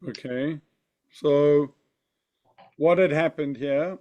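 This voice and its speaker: Slow, thoughtful man teaching a class. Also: on the high side, highs cut off. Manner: thoughtful, often asks "right?". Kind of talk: text study lesson.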